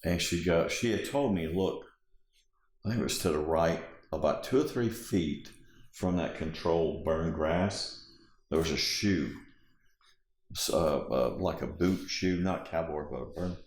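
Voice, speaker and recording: Low-voiced male storyteller, acts out the dialogue; echoey room. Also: unhurried. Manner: vivid storyteller acting out dialogue. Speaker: interviewee. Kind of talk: personal storytelling.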